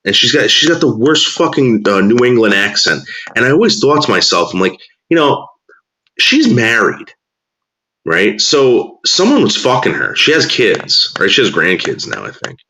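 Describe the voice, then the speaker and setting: A man's voice: mid-range voice, wildly swooping pitch, normal speed, bright, forceful tone. A man ranting crudely and bitterly in casual talk, drawling some words and muttering others. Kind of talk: profane casual rant.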